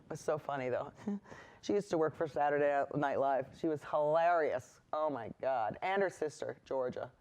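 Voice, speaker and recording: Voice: medium pitch, normal speed, darkish tone, highs cut off. Rambling, reassuring painting teacher. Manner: rambling, reassuring, wanders into personal asides. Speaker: painting instructor and host. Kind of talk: chatty on-camera painting lesson.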